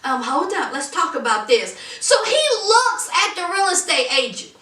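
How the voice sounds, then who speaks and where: A woman's voice: high voice, very animated, normal speed, pushed and bright. A woman giving a sassy, dramatic, teasing recap of a reality TV episode in casual commentary. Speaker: reality TV reviewer. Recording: roomy echo, distant from mic.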